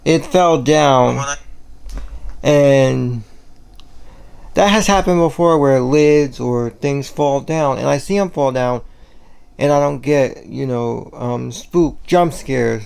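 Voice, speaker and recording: A man from Puerto Rico takes his time in a casual home vlog, wandering between kitchen and bedroom and rambling with frequent "you know" and "like." His mid-range voice has vocal fry and a slightly mellow, clean tone.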